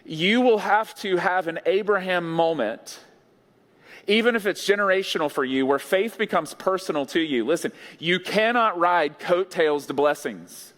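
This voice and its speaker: A man's voice: sits high, lively intonation, moderate pace, fairly bright tone. A male pastor giving an earnest, conversational sermon with playful asides. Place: large church sanctuary. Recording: long church hall reverb.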